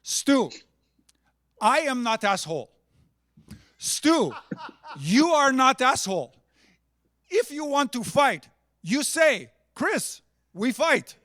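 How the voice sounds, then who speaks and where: A blunt foreign hockey player, as a man puts him on, talking in stiff, clipped broken English. The voice sits high and lifts even higher. It sounds close and dry. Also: slow pace, pauses often, no room sound, exaggerated voice. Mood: insistent.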